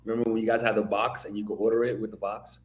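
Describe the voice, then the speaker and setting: A man's voice: lowish voice, rapid-fire. Male commentator from the Dominican Republic, blunt and profane, on a roomy, echoey recording. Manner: blunt, profane, animated storytelling. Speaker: video commentator. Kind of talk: opinion commentary monologue.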